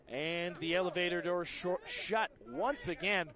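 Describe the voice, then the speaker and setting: A man calling a live amateur soccer match, chatty and joking, getting louder and quicker when play gets close to goal. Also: high-pitched. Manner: chatty, joking asides, rising excitement on attacks. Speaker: play-by-play commentator.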